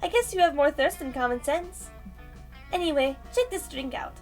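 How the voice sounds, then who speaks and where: A woman puts on a flamboyant magical cat who tends bar in a game, his voice pitched high and bouncing widely. He teases and shows off theatrically. Read from a visual novel with soft music underneath. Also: lively intonation, moderate pace. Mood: playful. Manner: theatrical, teasing. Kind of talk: reading a visual novel aloud.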